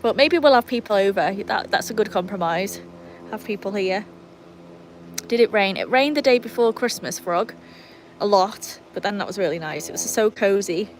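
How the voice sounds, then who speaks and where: Outdoors by a pool in the sunshine, an English woman hosts a casual livestream, chatting with viewers and greeting them by name. She also baby-talks and calls to her dogs. Her medium-pitched voice is animated and moderately paced, and the audio is poor with a little hiss or hum.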